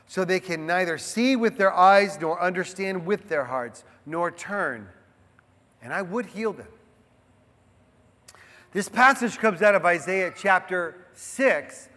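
High-voiced preacher in a reverberant hall. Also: male voice. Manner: swings between hushed reflection and emphatic proclamation. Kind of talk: sermon.

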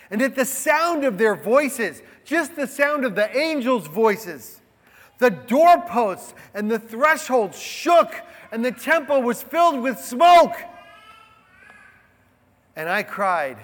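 A man preaching a sermon, shifting between hushed reflection and emphatic proclamation. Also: very high voice, animated, slow pace. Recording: long hall reverb.

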